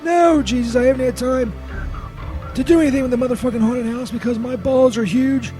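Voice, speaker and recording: A man doing a squeaky, whiny, sore saint. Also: fairly quick. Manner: profane, stammering, bewildered. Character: whiny high-voiced male saint, beaten up and baffled. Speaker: co-host. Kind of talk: comedy radio bit. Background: loud music.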